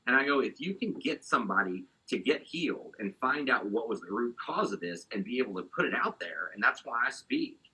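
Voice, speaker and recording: A man being interviewed, giving an animated, candid account of his own past. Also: medium pitch, brisk, hardly any pauses, slightly rough, rough recording. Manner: animated storytelling, gets fired up. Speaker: interview guest.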